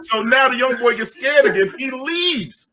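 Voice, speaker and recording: A middle-aged man from Queens, telling an animated, jokey story and loudly acting out the crowd. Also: very high voice, moderate pace. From Queens, New York.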